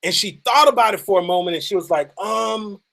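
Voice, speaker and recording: Emphatic high-voiced male motivational speaker. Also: lively intonation, a bit bright. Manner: emphatic, repeats phrases for effect; slows down and stretches key lines for drama. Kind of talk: motivational storytelling speech.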